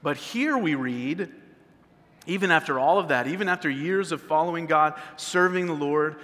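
A man's voice: a little high, normal speed, a bit bright, in a large hall. A male pastor preaching a sermon in a conversational way, often repeating words as he restarts a phrase. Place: church sanctuary.

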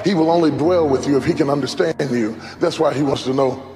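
A man's voice: on the high side, fairly quick, background noise. A man preaching a sermon in a rhythmic, sing-song cadence, calling out to the crowd.

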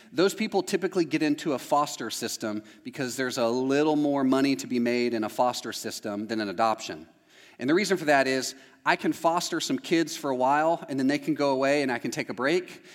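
Conversational male pastor in a reverberant hall. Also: medium pitch. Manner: conversational, addresses the audience directly. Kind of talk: sermon.

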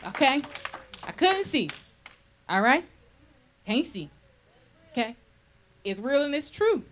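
A woman's voice: high voice, sing-song, slow pace, a bit bright, slight background noise, poor audio. A woman minister leading a Bible study, preaching conversationally and often checking in with her listeners.

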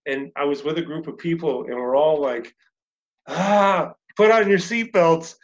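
A man hosts a casual interview and heaps enthusiastic praise on his guest. His voice sits at an ordinary middle pitch for a man. The recording sounds dull and lo-fi. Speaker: host.

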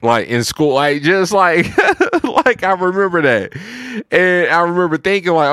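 A man's voice: high voice, very animated, measured pace, a bit bright, clean tone, no echo, studio quality. A man chatting casually, rambling through a story with lots of filler words. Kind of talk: casual chat.

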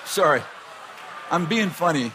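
A man's voice: fairly high pitch, animated, a little slow, a crowd in the background, background noise. A middle-aged man, a pastor, telling a personal story in a sermon, chatty and laughing at his own jokes, often breaking off mid-sentence.

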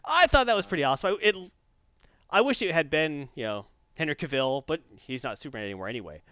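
Lively guy chatting about a movie, smooth clear voice, dull lo-fi dry sound. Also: on the high side, fast, no room sound. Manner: animated, acts out scenes in funny voices. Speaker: podcast co-host. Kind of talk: casual movie review chat.

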